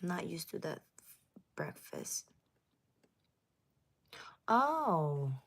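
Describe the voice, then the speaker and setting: Chatty woman with a slow, low voice. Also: very animated, gravelly. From United States. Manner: chatty, laughs often, drifts to soft whispers. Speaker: livestream host. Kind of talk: casual livestream chat with viewers.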